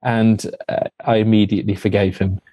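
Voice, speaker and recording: A man's voice: on the low side, level tone, moderate pace, no echo, muffled recording. A man co-hosting a casual chat about films and shows, chatty and laughing often. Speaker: podcast co-host.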